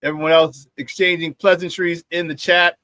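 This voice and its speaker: A man's voice: on the high side, normal speed, clear, resonant tone, dry recording. A man hosting a casual sports talk show, reading the live chat aloud and repeating himself as he talks. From Chicago area. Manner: animated, repeats himself, laughs often. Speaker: sports talk radio host.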